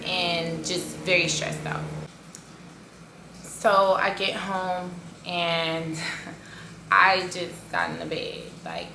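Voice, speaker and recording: A woman's voice: lowish voice, gravelly, slight background noise. A woman who runs a cake business, telling a story in a casual vlog with lots of fillers and playful sound effects. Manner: animated, filler-heavy retelling with sound effects. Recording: echoey room.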